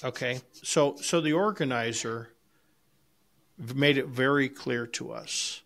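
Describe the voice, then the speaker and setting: A man's voice: medium pitch, unhurried, fairly bright tone. A man co-hosting a barbecue podcast, telling rambling anecdotes in a casual, salty, storytelling way. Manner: rambling anecdotes with frequent restarts, salty language. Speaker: podcast co-host and competition barbecue cook.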